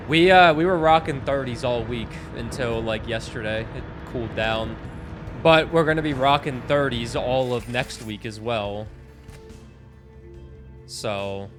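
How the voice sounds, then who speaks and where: A man's voice: mid-range voice, fairly bright tone. A young man from Canada chatting casually and joking while playing a game at home. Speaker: streamer. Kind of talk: casual gameplay commentary. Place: home, indoors. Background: game music.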